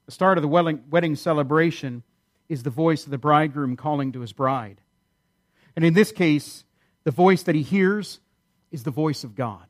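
A man preaching a sermon in an earnest, emphatic way, repeating key phrases and slowing down to stress key lines. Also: a little high. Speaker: pastor.

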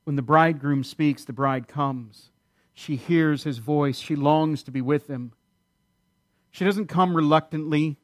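Male pastor, sermon, fairly high voice, emphatic, repeats key phrases. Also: measured pace.

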